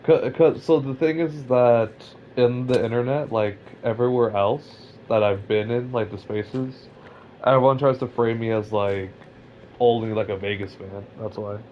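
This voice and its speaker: A man's voice: mid-range voice, normal speed, highs cut off, a little hiss or hum. A young man from California, chatting casually while playing Minecraft online, rambling, stammering and poking fun at himself. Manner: rambling, self-mocking, stammers when excited. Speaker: Minecraft player. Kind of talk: casual gaming chat.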